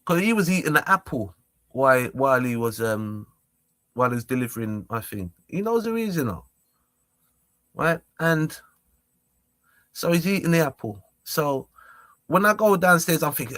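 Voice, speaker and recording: A young man recounts a confrontation in an animated, repetitive way, voicing both sides of the argument. His voice sits a little high. The recording is dry and close. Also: normal speed, dry recording. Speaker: vlogger. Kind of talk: casual storytelling.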